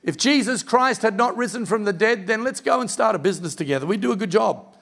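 A middle-aged man preaches a heartfelt sermon in a church. His voice sits high for a man and has a gravelly edge. He speaks earnestly and personally, weaving in scripture. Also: animated, quick pace, fairly bright tone. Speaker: pastor.

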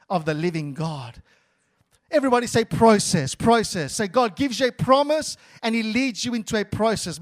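A man's voice: high voice, fairly bright tone. A male pastor preaching a sermon, repeating words and calling for responses from the church.

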